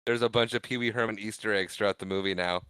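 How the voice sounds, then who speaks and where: A man with a bright, crisp, smooth voice chimes in with quick remarks during a casual movie podcast. He shares bits of trivia and chuckles often. The recording is close and dry. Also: fairly low pitch, steady tone, dry recording. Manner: chuckling, adds trivia in short interjections. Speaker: podcast co-host.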